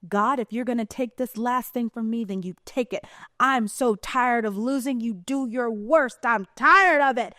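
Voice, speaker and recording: A woman putting on an angry, bitter soldier man who yells defiance at the sky. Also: a little high, moderate pace, dry recording, clean studio sound, voice pushed up. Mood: defiant. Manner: shouting and defiant.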